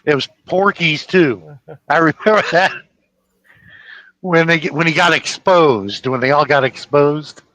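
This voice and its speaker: A man's voice: on the high side, bright, forceful tone, no echo, poor audio. A man hosting a casual livestream chat, telling funny stories and breaking into laughter. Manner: laughing storyteller doing quick impressions of characters. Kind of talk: casual chat, retelling movie scenes.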